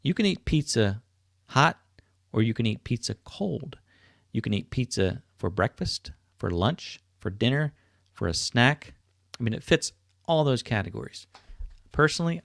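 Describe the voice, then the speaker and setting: This middle-aged man's voice is medium-pitched and sing-song, with vocal fry and a moderate pace. He hosts a casual livestream indoors at home via a webcam setup, chatting easily and naming viewers as he reads their comments. Dry recording, clean studio sound.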